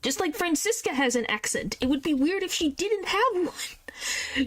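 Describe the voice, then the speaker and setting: A woman's voice: very high voice, lively intonation, a little slow, fairly bright tone. A young woman streaming a game, chatting casually to her viewers and reacting with rambling exclamations. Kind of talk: casual gameplay commentary.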